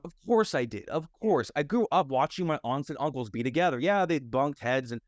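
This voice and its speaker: A man's voice: mid-range voice, sing-song, normal speed, no room sound, clean studio sound. A young American man, a mindset and fitness coach, candidly telling his life story in a podcast conversation, rambling with lots of "like" and "you know". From United States.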